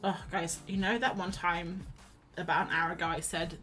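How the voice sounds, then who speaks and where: Woman art streamer, chatty and bright, faint background music. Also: on the low side, fairly even intonation, moderate pace, low-quality recording. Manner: chatty, rambling, self-deprecating. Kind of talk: casual chat while painting.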